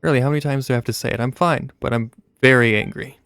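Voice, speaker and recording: A caring young forest watcher, brought to life as a man reads a game's dialogue aloud without much change to his voice. The tone is gravelly, set in a video game story. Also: medium pitch, fairly even intonation, fast talker, a bit bright. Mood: scolding.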